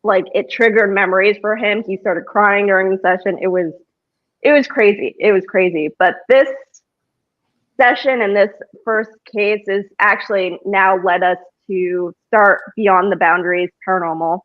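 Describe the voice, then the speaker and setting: A woman's voice: mid-range voice, fairly even intonation, moderate pace, dry recording. Woman, podcast guest, rambling and chatty, dull lo-fi sound. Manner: rambling, with many restarts and fillers. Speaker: paranormal investigator guest. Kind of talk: casual conversation on a podcast.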